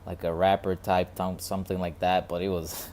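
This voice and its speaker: A man with a very low voice muses in a casual, reflective vlog, halting and repeating himself as he searches for words. A faint noise hums behind him. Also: level tone, darkish tone. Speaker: vlogger.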